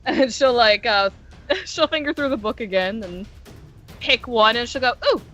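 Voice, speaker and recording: Excitable woman player, chatty, high and bright voice. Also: unhurried, lo-fi sound, faint music behind. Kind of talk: tabletop game play.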